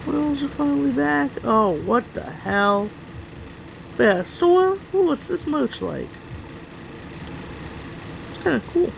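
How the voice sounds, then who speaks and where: A woman talks her way through a reaction video, wandering from thought to thought and cursing freely. Her voice sits fairly high and swings widely up and down. A gravelly fry runs through it, and she takes her time over each phrase. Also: animated, slow, pauses often, a little hiss or hum, rough recording. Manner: rambling, swears, talks to herself while browsing. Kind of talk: casual reaction commentary.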